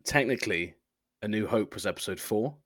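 A man's voice: on the low side, animated, brisk, fairly bright tone, no room sound, studio quality. A man co-hosting a podcast in casual chat, joking and pedantic. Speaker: podcast co-host.

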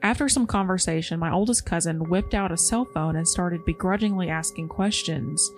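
Soft-spoken woman reading a spooky story. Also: lowish voice, normal speed, soft background music. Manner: easily scared, self-described paranoid. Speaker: podcast co-host. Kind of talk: reading a story aloud, casual chat.

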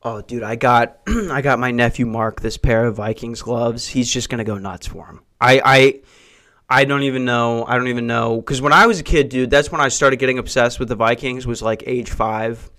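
A man's voice: medium pitch, normal speed, a bit bright. A man hosting a solo comedy podcast from a house, ranting in a crude, profane and self-mocking way. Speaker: podcast host. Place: hot brick house.

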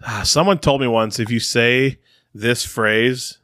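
A man co-hosting a casual podcast chat, easygoing and quick to laugh. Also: medium pitch, a bit bright, no echo, studio quality. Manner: easygoing, laughs often, agrees readily. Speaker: podcast co-host.

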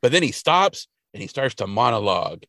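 A man's voice: medium pitch, fairly quick, no room sound. A man co-hosting a podcast, retelling an episode casually and acting out the quotes. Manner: animated storytelling, acting out quotes. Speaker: podcast co-host.

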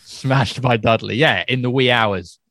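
A man co-hosting a podcast in relaxed, rambling casual chat. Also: mid-range voice, unhurried, no room sound, studio quality. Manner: relaxed, rambling, with soft laughs. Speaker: podcast co-host.

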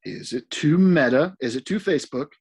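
A man in casual podcast talk, halting and repeating words as he complains dryly about a movie. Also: on the high side, darkish tone, breathy edge. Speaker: podcast co-host.

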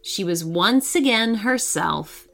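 A woman narrating a children's story in a scripted, expressive way with dramatic pauses. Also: mid-range voice, vocal fry, faint music behind.

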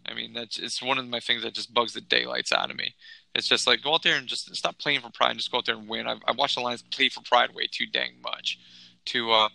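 Casual podcast co-host, male, gravelly and bright, dry close sound, frustrated ranting delivery. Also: brisk, no echo, rough recording. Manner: exasperated, ranting, pitch climbing when worked up. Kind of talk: casual sports podcast chat.

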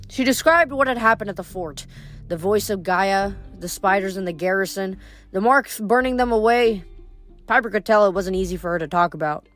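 A woman reading a novel aloud chapter by chapter, in a plain steady way with small slips. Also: medium pitch, normal speed, faint music behind. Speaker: audiobook reader.

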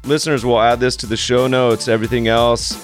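A male podcast host reacting with relaxed enthusiasm and closing the show. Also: medium pitch, brisk, faint music behind. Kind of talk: casual interview.

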